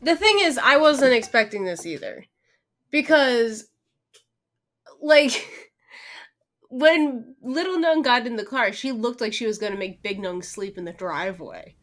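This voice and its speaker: Woman podcaster with a slightly high voice. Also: expressive, a little slow, long pauses, fairly bright tone. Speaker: podcast co-host. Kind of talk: casual recap chat.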